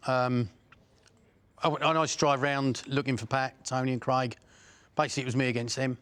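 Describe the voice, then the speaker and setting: A man's voice: medium pitch, little pitch movement, a little fast, fairly bright tone, smooth. A middle-aged man with an Essex accent, bluntly recounting crime stories, swearing and restarting often. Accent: Essex English. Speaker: interviewee.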